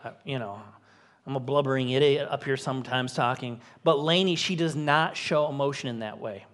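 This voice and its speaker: Speaking from a church stage to his congregation, a co-lead pastor in his forties preaches a sermon in a brisk, medium-pitched, slightly bright voice. He shares earnest, emotional personal stories, his emphasis rising as he goes.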